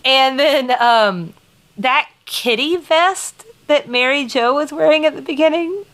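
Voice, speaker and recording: A woman's voice: high voice, fairly bright tone. A woman with a light Southern American lilt chats and rambles on a podcast. Her talk is loose and full of restarts, and she teases her co-host in a playful way. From Southern United States. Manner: chatty and rambling, quick laughs, playful teasing. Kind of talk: casual chat.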